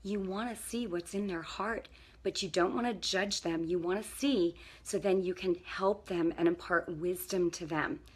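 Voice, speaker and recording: A woman's voice: fairly low pitch, moderate pace, husky. A middle-aged woman, a parenting coach and counselor, talking to camera in a casual, faith-based way. She is earnest and encouraging and keeps checking in with the viewer.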